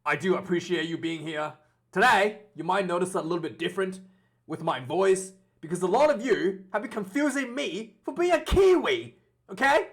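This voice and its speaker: Australian guy, high voice, chatty rugby vlogger who rambles and checks in with the viewers. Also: lively intonation, normal speed, gravelly, fairly bright tone. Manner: chatty, rambling, full of "uh" and "okay?" check-ins. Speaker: rugby channel host. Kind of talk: casual vlog preview chat.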